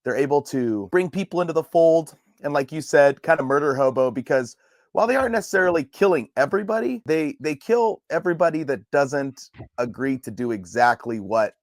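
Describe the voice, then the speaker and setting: A wry, dry-humored man walks through history in a casual podcast chat. His voice is at an ordinary male pitch, and the recording is close and dead, with no room sound. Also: animated, a little fast, no echo. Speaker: podcast co-host explaining the history.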